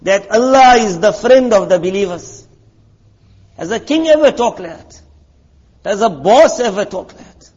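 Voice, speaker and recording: A man's voice: high-pitched, expressive, moderate pace, pauses often, a little mellow, slightly rough, long reverb tail. A man preaching a sermon in a conversational, storytelling way, asking his listeners rhetorical questions. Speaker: Islamic preacher. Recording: muffled lo-fi recording.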